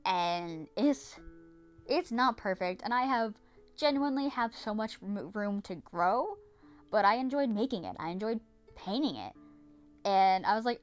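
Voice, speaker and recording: A woman's voice: medium pitch, animated, unhurried, faint music behind. A young woman narrating her vlog in a casual, dramatic way, swearing and repeating herself often. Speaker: vlogger.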